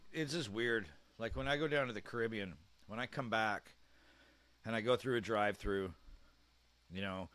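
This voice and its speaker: A man's voice: on the low side, bright, forceful tone. A Canadian man chatting casually and candidly, thinking aloud as he reacts live to a stream. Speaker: livestream reactor.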